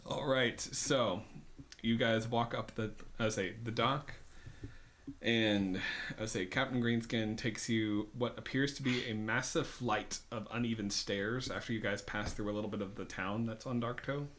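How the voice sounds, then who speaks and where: A man's voice: fairly low pitch, steady tone, unhurried, a bit bright, slight background noise. A man narrating a tabletop game as dungeon master, rambling and hesitant with many fillers.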